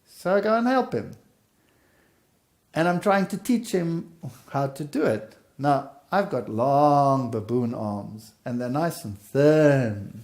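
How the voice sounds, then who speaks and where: A man's voice: medium pitch, animated, slow, darkish tone. A man sharing his faith testimony as a story, acting out the dialogue as he goes.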